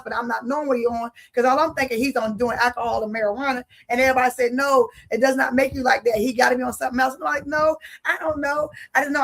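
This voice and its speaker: Speaking on the high side with a fairly bright tone, this woman from Philadelphia shares her faith testimony. Like a preacher, she talks straight to her audience, bringing her story to life and voicing the dialogue.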